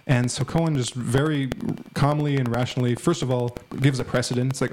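A man's voice: mid-range voice, steady tone, fairly quick, hardly any pauses, a little mellow, slight background noise, low-quality recording. Heated, scornful man chatting. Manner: heated, scornful, rambling with many restarts. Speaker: podcast co-host. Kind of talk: casual political chat.

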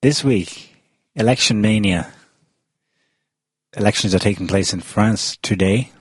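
A man with a low, husky voice hosts a relaxed panel talk. He rambles with ums and restarts. The sound is dry and close. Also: measured pace, dry recording. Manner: chatty, many ums and restarts. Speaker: podcast host. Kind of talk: casual panel discussion.

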